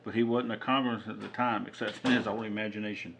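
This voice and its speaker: A man's voice: fairly low pitch, steady tone, fast talker, vocal fry, a bit bright, a little hiss or hum. A man co-hosting a casual podcast, reading out news items in a dry, matter-of-fact way. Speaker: podcast co-host. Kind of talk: casual chat.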